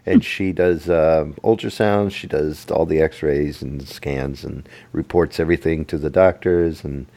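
A man's voice: very deep voice, steady tone, measured pace, dark tone, dry recording. A middle-aged man co-hosting a casual chat, easygoing and rambling with fillers. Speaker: podcast co-host.

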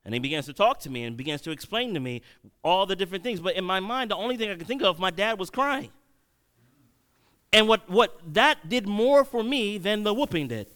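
A man preaching a sermon, telling a personal story and swinging between loud and hushed delivery. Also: sits high, expressive, a little fast.

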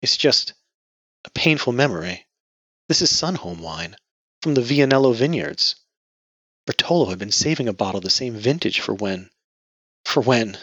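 A man's voice: medium pitch, animated, moderate pace, long pauses, a bit bright, husky, no echo, voice pushed up. A man voicing a grieving young woman who is bitter and defiant, speaking in a raised, tearful voice on a dull lo-fi recording. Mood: anguished. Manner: emotional, raised voice near tears. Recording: dull lo-fi audio.

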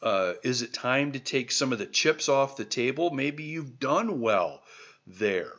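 A man's voice: medium pitch, animated, unhurried, fairly bright tone, highs cut off. A man from the American heartland hosting a podcast, talking listeners through a monologue in an emphatic, exhorting way with lots of repeated rhetorical questions. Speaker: podcast host.

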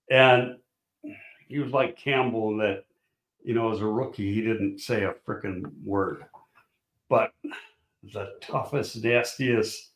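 An older man with a lowish voice and a roomy sound is a guest in a casual chat. A former football scout, he tells blunt, rambling football stories, swearing and restarting as he goes.

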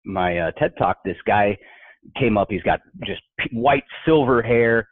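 A man's voice: on the low side, unhurried, no echo. A man casually chatting as a workplace humor speaker, telling anecdotes and acting out the voices in them. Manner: animated storyteller, acts out quoted voices. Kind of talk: casual podcast conversation. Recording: tinny phone-like line, dry.

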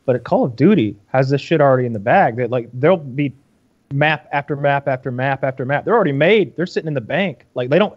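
A man's voice: mid-range voice, lively intonation, fast. Rambling man on a dull lo-fi recording. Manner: rambling, profane, lots of restarts. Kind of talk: casual chat.

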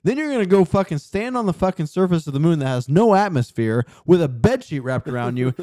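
Male podcast co-host, mellow voice, big swinging pitch, sarcastic and profane, dry close mic. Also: fairly quick, hardly any pauses, no echo. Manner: animated, sarcastic, heavy swearing. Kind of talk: casual podcast chat.

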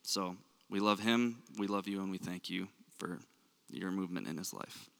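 A man's voice: sits low, normal speed, creaky, fairly bright tone. A man with a Minnesota accent leading a church service, reading a poem and praying, with casual joking asides and frequent ums. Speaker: director of student ministries. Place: church sanctuary. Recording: long hall reverb in a church.

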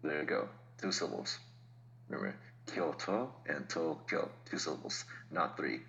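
A man's voice: extremely low pitch, very animated, normal speed, vocal fry, pushed and bright, slight background noise, rough recording. A man talking as a podcast guest in casual chat, explaining things patiently with laughs and asides.

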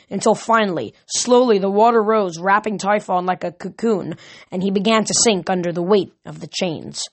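A woman reading a novel aloud, now and then stumbling and restarting a word. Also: mid-range voice. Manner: reads with small slips and restarts. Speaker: audiobook reader.

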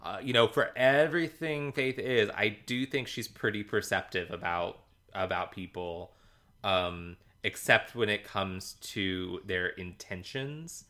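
A man's voice: fairly low pitch, sharp tone. A man co-hosting a casual podcast, talking in a hesitant way with many ums and chuckles. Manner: slow, hesitant, full of ums and laughs. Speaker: podcast co-host. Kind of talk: casual rewatch podcast chat.

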